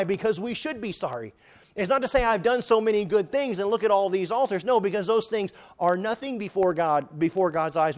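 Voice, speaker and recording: A man preaching a sermon, emphatic, often rising and falling in loudness, quoting scripture in old-fashioned wording. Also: high voice. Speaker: pastor.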